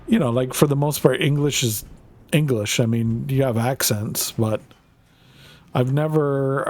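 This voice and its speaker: A man's voice: mid-range voice, darkish tone. Man as a rambling, casual game streamer. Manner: rambling, loose, swears freely. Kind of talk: casual live-stream chat while gaming.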